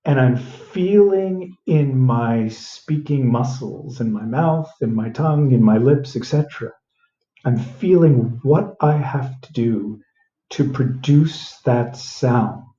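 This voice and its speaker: A man teaching a diction lesson, sounding out words slowly and deliberately, repeating them as he goes. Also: medium pitch, warm tone. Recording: roomy, dull lo-fi sound.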